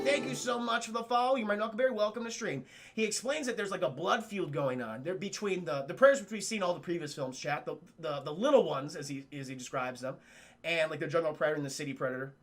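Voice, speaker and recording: A man streaming a casual, excitable and profane film recap, often addressing his chat. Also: sits high, fast, faint music behind.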